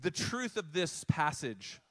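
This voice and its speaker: High-voiced man preaching conversationally. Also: very animated. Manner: conversational preaching with emphatic pauses and restarts. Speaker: pastor. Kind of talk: sermon.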